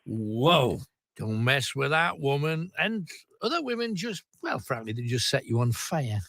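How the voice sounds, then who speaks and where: A man's voice: medium pitch, very animated, measured pace, vocal fry, fairly bright tone, no room sound. A man hosting a late-night phone-in radio show, reacting to callers' stories. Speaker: radio host.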